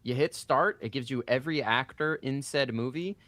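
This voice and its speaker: A man casting a card-game stream, chatting in an animated, jokey way over a video call. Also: mid-range voice, moderate pace, no room sound. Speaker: game caster. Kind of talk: casual stream chat.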